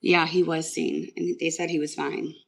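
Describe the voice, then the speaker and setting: Young woman on a livestream, kinda low voice, rambling and emotional, lots of "like". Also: flat delivery, normal speed, gravelly, a little hiss or hum, poor audio. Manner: emotional, rambling retelling with many fillers. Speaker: livestream host. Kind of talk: casual livestream chat.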